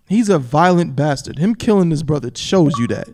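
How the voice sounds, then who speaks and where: A New York man delivers emphatic Bible commentary on a live stream, his slightly high voice a little mellow and lively in intonation. He slowly draws out key words and repeats "you understand?", reading scripture in a slow, solemn cadence.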